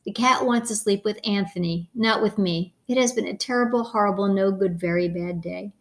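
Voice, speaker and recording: A woman reading a children's picture book aloud, expressive and playful, stopping to comment on the pictures. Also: medium pitch, moderate pace. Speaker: storybook reader.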